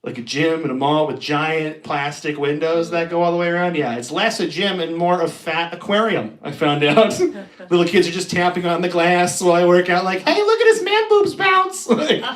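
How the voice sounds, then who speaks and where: A man's voice: on the high side, fairly even intonation, moderate pace. Self-deprecating young male comic, echoey room. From Pacific Northwest of the US. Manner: self-deprecating, conversational, laughs between jokes. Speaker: stand-up comedian. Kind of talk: stand-up comedy set. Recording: roomy live stream audio.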